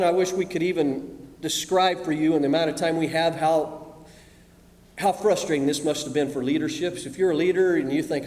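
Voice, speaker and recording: A male preacher with a notably high voice delivers a sermon in a church hall. He shifts from emphatic, raised points to quiet, drawn-in asides. The sound is roomy, with a long reverb tail. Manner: dramatic, swings from loud emphasis to hushed asides.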